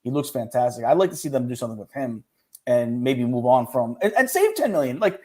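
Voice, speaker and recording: A man co-hosting a casual sports talk show, talking quickly and animatedly, often jumping in over the others. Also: medium pitch, sing-song, darkish tone. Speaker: co-host.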